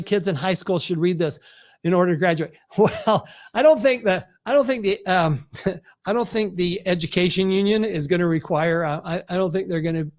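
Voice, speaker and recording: A man's voice: high-pitched, darkish tone. A man hosting the live online launch of his own book, talking earnestly and answering viewers' comments over a video call setup.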